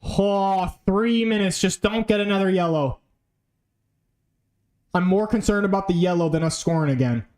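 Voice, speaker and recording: Excitable swearing football fan. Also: male voice, high-pitched, moderate pace, long pauses. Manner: excitable, swearing, pleading with players. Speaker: fan streamer. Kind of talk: football watch-along commentary.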